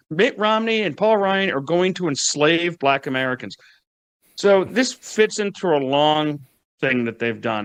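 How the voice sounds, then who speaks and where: A man's voice: mid-range voice, fairly bright tone, no room sound. A man giving casual political commentary, wry and mocking, often restarting his words.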